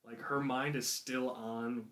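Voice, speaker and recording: Man, mid-pitch voice, casual podcast co-host, conversational and analytical. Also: flat delivery, takes it slowly, a bit bright. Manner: conversational, analytical comments and questions.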